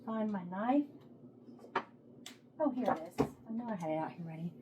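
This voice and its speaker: Cooking at home, a Texan woman talks casually for her vlog, recorded on a tripod-mounted phone while she thinks out loud. Her mid-range voice is expressive and dark in tone at a moderate pace, and a little background noise comes through.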